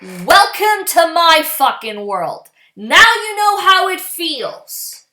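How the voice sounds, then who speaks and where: Furious profane woman ranting, high voice. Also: big pitch swings, slow, pushed and bright, echoey room. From Canada. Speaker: political vlogger. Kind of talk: angry political rant.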